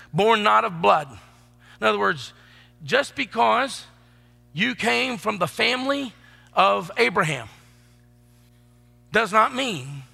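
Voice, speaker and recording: Guy preaching a sermon, kinda high gravelly voice, loud then hushed, churchy echo. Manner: emphatic preaching that swings between loud declarations and hushed asides. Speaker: pastor. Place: church sanctuary.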